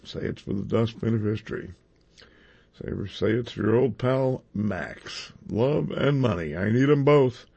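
A man hosting a radio show, making a relaxed, joking appeal for listener donations. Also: fairly low pitch, measured pace, gravelly, breathy edge, muffled recording. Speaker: radio host. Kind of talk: on-air pledge appeal.

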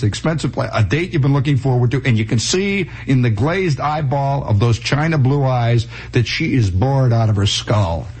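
Brief: man, comic storyteller, lively swooping delivery, husky, old radio tape. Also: mid-range voice, low-quality recording. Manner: animated, breathless storytelling with voiced characters.

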